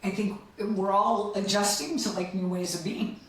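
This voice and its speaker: A woman's voice: mid-range voice, fairly even intonation, normal speed. A middle-aged woman guest chatting casually and enthusiastically, laughing often and trailing off mid-sentence. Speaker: podcast guest. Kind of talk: casual chat. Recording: echoey, distant from the mic.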